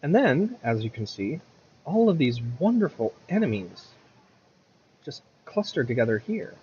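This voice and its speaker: A man's voice: a little high, very animated, unhurried, mellow, lo-fi sound, slight background noise. A man giving casual, rambling commentary over his gameplay, correcting himself often and muttering at the game, with the hiccups. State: has the hiccups.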